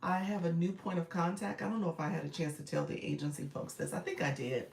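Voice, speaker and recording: A woman's voice: on the low side, fast, vocal fry, a little mellow. A woman, coaching casually on a live stream, reading viewer comments, laughing often and calling her audience y'all. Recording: roomy echo, a bit far from the mic.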